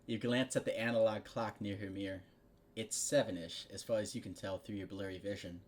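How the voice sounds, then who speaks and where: A young man reading a fan story aloud in a loose, casual way, with a slightly low voice. He keeps breaking off with crude asides and plenty of swearing. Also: lively intonation, fast talker. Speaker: fan fiction reader.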